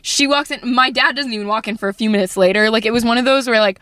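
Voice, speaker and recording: Woman podcast co-host, pregnant, animated storyteller, higher voice, dry close sound. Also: fast talker, clean tone, no echo. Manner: animated, many "like" fillers, acts out quotes. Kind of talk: casual chat, storytelling. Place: podcast studio.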